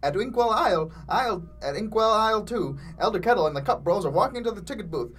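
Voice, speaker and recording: A man's voice: high voice, expressive, fast talker, a bit bright, soft background music. A young man co-hosting a podcast, joking casually and swearing freely while reading fan fiction. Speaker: podcast co-host. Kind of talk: casual chat and comedic reading.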